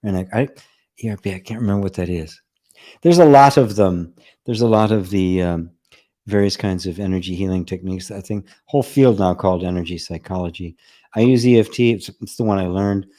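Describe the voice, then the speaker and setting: A man speaking in a relaxed, conversational way, with a fairly low voice and a mellow, warm tone. He laughs easily and keeps asking "right?" as he gives a casual spiritual talk and answers viewer comments. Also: a little fast. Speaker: spiritual teacher and host.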